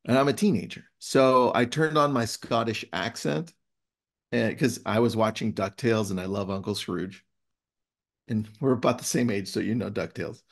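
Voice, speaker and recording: Gravelly-voiced man hosting a webinar. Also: fairly low pitch, normal speed. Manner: animated storyteller, reads passages aloud. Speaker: webinar host. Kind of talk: casual webinar chat.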